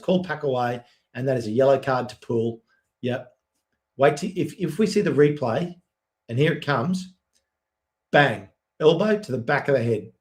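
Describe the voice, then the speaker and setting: Excitable man calling a live match. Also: mid-range voice. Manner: excitable, quick play-by-play with frequent "yep"s. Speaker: fan commentator on a live watch-along stream. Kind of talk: live match commentary and chat with viewers.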